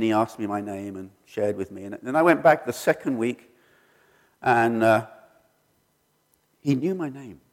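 Middle-aged man telling his testimony, hall echo. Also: mid-range voice. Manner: earnest storytelling with lively quoted voices. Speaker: speaker sharing his testimony. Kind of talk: personal testimony. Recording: long hall reverb.

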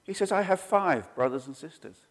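A middle-aged male preacher tells sermon stories in a fairly high, lively voice that swings all over. He mimics the people he quotes with sudden jumps in pitch. His voice rings through a church hall with a long reverb tail. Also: moderate pace. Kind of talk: sermon storytelling.

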